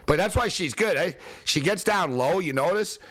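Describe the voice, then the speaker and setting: Excitable ranting sports radio host man. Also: high-pitched, normal speed, no room sound. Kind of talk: late-night sports radio talk.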